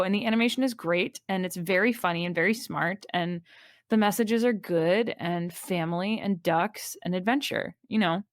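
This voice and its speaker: A woman's voice: fairly low pitch, no echo, studio quality. A woman guest on a podcast, talking enthusiastically in casual chat, rambling with many fillers.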